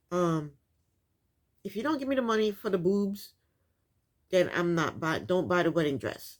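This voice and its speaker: A woman host recapping a reality TV episode in casual commentary, incredulous and repeating her points for emphasis. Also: mid-range voice.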